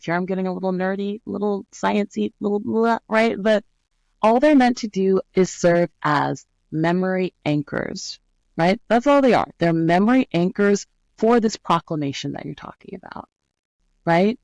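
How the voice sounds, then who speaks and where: Lively, dry-sounding woman on a video-call interview. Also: mid-range voice, normal speed, no echo, rough recording. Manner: lively storyteller, often adds "right?". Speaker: guest, brand scientist. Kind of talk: conversational podcast interview.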